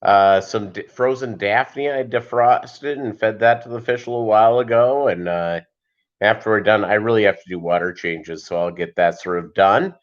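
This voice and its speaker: A man's voice: fairly low pitch, moderate pace, highs cut off. A man hosting a casual livestream, greeting viewers by name and rambling with lots of fillers. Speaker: fishkeeping livestream host.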